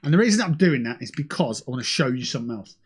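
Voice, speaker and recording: A young British man hosting a livestream in casual, sweary chat that jumps between high and low. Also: expressive, rapid-fire, husky. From United Kingdom. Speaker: livestream host.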